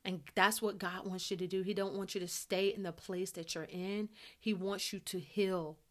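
A woman's voice: medium pitch, fairly even intonation, normal speed. A woman hosting a devotional podcast, teaching in an earnest way and repeating phrases for emphasis. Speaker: podcast host.

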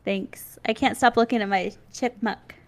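A woman's voice: mid-range voice, steady tone, moderate pace, no echo. A woman in her twenties co-hosting a casual podcast from home, teasing and laughing easily, on a mic with a pop filter. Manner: giggly, teasing. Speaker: podcast co-host. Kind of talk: casual chat. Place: home recording setup. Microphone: studio mic with pop filter.

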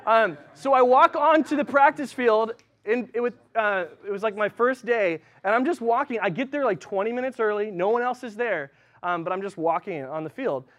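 A man's voice: sits high, normal speed, a bit bright. A male pastor giving a casual, conversational sermon, full of ums and likes. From Southern California. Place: church.

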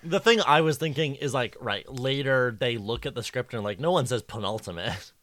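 A man's voice: medium pitch, animated, moderate pace, fairly bright tone. Man rambling wryly in casual chat. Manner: rambling, wry, thinks aloud. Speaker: podcast co-host. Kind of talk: casual chat recapping a TV episode.

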